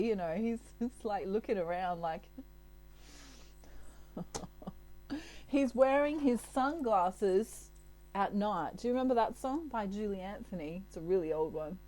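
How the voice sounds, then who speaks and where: A woman's voice: medium pitch, a little slow, pauses often, mellow, rough recording. A woman giving a casual tarot reading, chatty and playful, laughing often. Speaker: tarot reader.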